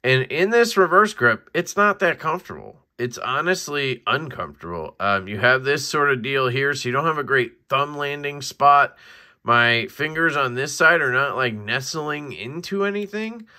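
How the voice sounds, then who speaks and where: Bright-voiced rambling man reviewing a knife. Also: mid-range voice, animated, normal speed. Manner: rambling, self-deprecating, many fillers and restarts. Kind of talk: casual unboxing vlog.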